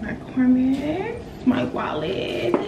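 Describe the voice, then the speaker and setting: A young woman vlogs straight to the camera, candid and profane, cracking up at her own mishaps. Her voice rings in a roomy, echoey space with steady noise behind her. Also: high voice, drawn-out words, distant mic, highs cut off. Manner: candid, swearing, laughing at herself. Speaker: vlogger. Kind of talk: casual vlog talk to camera.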